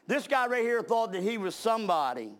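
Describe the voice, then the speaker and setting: A man's voice: high voice, sing-song, brisk, fairly bright tone. A man preaching a sermon, reading scripture aloud and then explaining it in plain talk with fillers and restarts.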